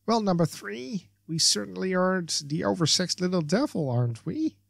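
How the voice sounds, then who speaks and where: A man's voice: high-pitched, sing-song, measured pace, creaky, darkish tone, no room sound, clean studio sound, voice pushed up, exaggerated voice. A man voicing a ditzy valley-girl woman on a dating show, gushing and filling every line with "like" and "you know". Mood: squealing.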